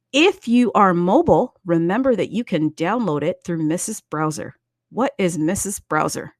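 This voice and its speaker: A woman's voice: fairly low pitch, no echo. A woman hosting a casual crypto show, chatty and playful, with singsong greetings and plenty of asides. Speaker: host.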